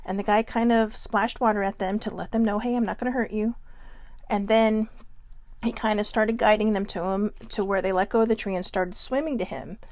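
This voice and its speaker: A woman's voice: mid-range voice, fairly even intonation, a little fast, a little mellow, no echo. A woman hosting a casual motivational vlog, talking in a chatty, emphatic way and laughing often. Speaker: vlog host.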